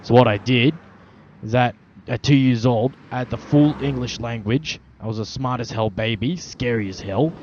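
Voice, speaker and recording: A man's voice: mid-range voice, normal speed, a little mellow. A man speaking in a put-on Australian accent in an in-character roleplay monologue. He brags, swears constantly and keeps saying slang like "mate". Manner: boastful, swears constantly, lots of Aussie slang. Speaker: roleplaying vlogger. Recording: dull lo-fi outdoor recording with traffic noise.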